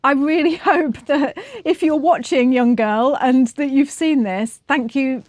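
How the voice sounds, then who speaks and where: Woman co-host chiming in, pitched a touch high. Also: a little slow, dry recording. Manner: reacting and chiming in warmly. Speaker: vlog co-host. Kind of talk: casual chat.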